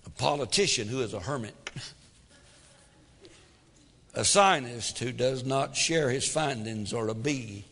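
Preacher booming in a reverberant hall. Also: male voice, expressive, measured pace, pauses often. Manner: preaching with dramatic swings from loud to hushed. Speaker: pastor. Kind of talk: sermon.

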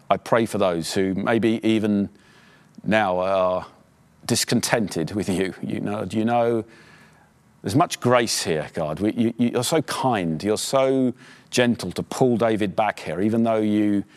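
A man preaching a sermon as pastor, exhorting his listeners fervently, his voice climbing in pitch as he urges them on. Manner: quieter, halting prayer. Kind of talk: sermon with closing prayer.

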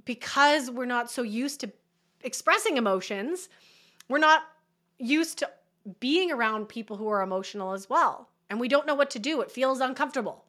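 A woman's voice: high-pitched, lively intonation, moderate pace, bright, forceful tone. A woman hosting a solo coaching podcast, speaking earnestly and encouragingly and often checking in with the listener. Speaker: podcast host.

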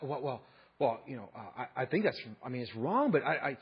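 A man's voice: mid-range voice, very animated, brisk, husky, big-room sound, highs cut off, exaggerated voice. A man doing an indignant old dentist. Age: 70s. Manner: defensive, heated, stammering. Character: indignant elderly male dentist, easily offended.

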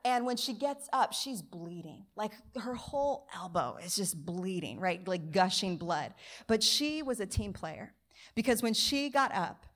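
Woman preaching an animated story sermon. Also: medium pitch, unhurried. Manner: animated storytelling with acted quotes. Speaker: pastor. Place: church service.

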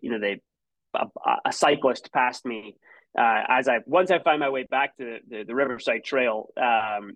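A man's voice: medium pitch, a bit bright, no echo, low-quality recording. A Scottish man in his thirties, a former college runner, telling stories casually in an interview, with many restarts and fillers. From Scotland.

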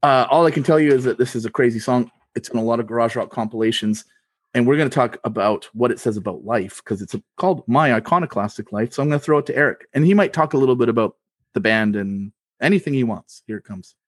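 A man's voice: mid-range voice, fast, dry recording. A man hosting a music podcast, chatting easily and leading into songs like a presenter. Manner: easygoing, presenter-like lead-ins. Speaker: podcast host. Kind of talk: casual chat and song introductions.

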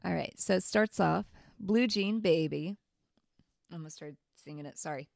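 A woman co-hosting a podcast, chatting playfully and reading song lyrics aloud slowly and deliberately. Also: low-pitched, gravelly. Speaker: podcast co-host.

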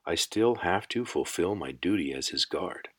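A man's voice: deep voice, lively intonation, moderate pace, breathy edge. A man reading an audiobook, voicing a stern male prison guard who speaks curtly.

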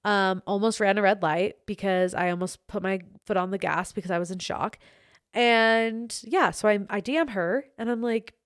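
A young woman hosting a solo podcast, chatting in an excitable, gushing way. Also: on the high side, normal speed, dry recording, studio quality. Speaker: podcast host.

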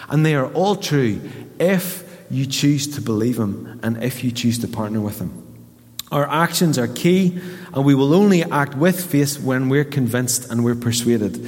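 A Northern Irish pastor preaching a sermon, medium-pitched, acting out the voices of the people in his story. His voice rings with the long reverb of a church hall. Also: measured pace. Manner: storytelling, animated quoting of voices.

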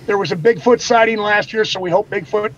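A man's voice: high-pitched, brisk, a crowd in the background. A man appearing as a guest, enthusiastically promoting an event in casual chat. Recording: dull remote feed with faint noise.

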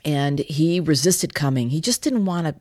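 Woman, podcast host, low pitch, lively storyteller, dry close recording. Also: normal speed, no echo. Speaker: yoga studio owner and podcast host. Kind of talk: casual storytelling chat.

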